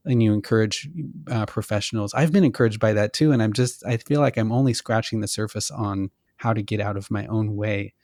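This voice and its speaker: A man's voice: on the low side, a little mellow, dry recording, studio quality. A man hosting an interview podcast, asking questions enthusiastically and sometimes tripping into them. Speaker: podcast host.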